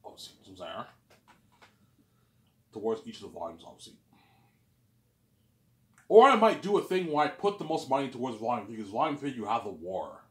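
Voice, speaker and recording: A man's voice: mid-range voice, sing-song, a little fast, pauses often. A man rambling through a solo monologue, listing things and saying "obviously" again and again. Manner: repeats "obviously", lists things, plays both sides of a talk. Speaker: vlogger. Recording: echoey room.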